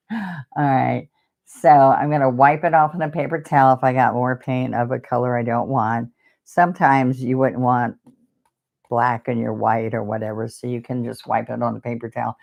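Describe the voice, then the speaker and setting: A woman's voice: rumbling low, creaky, darkish tone. A woman teaching a live painting lesson, chatting and wandering off topic as she demonstrates each brushstroke. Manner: chatty, digressive, talks while demonstrating.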